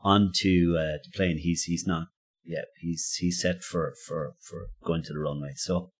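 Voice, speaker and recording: Male podcast co-host, low-pitched, loose anecdotal delivery, restarts and chuckles. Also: fairly even intonation, unhurried, breathy edge. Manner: rambling, self-interrupting, laughs often. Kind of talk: casual storytelling.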